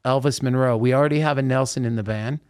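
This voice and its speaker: A man hosting a podcast in a studio, telling a story with lively voiced-out quotes. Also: mid-range voice, fast talker, clean tone. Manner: animated storyteller acting out quotes. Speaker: podcast host. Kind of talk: casual storytelling chat.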